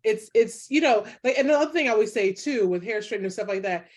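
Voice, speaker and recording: A woman historian speaking as an interview guest, earnest and quick to laugh. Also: mid-range voice, expressive. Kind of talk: conversational interview.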